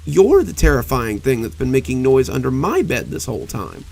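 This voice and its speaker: A man's voice: medium pitch, sing-song, moderate pace, creaky, a little mellow. A man voicing a frightened small childlike monster hiding under a bed, timid and pleading. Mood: fearful.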